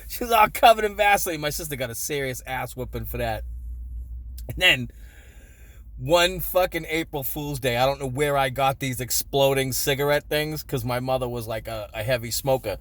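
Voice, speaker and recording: A man's voice: mid-range voice, normal speed, fairly bright tone, dry recording. A man in his forties telling childhood stories in a casual, crude way, swearing and chuckling often. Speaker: storyteller. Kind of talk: casual storytelling vlog.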